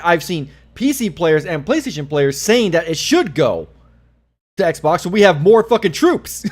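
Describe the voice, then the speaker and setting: Excitable swearing young streamer, high voice. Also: male voice. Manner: excitable, swears a lot, laughs often. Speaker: live stream host. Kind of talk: casual live-stream commentary.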